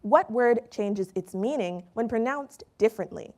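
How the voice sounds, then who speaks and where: A woman hosting a quiz show, reading questions in a crisp, brisk way. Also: fairly high pitch, lively intonation, darkish tone, faint music behind.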